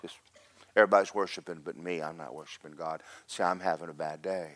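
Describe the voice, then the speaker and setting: Middle-aged pastor, lowish voice, dry sound, animated storyteller who shouts then hushes. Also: male voice, fast talker, no echo. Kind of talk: sermon.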